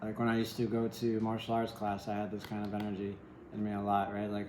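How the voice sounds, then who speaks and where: A man talks through a tarot spread in loose, meandering sentences, checking in with "right?" as he goes. His voice is mellow and relaxed, with wry, self-deprecating asides. The recording sounds roomy, with an echo around him. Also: lowish voice, a little fast, slight background noise. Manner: rambling, keeps asking "right?". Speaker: tarot reader. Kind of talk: casual tarot reading. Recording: echoey room.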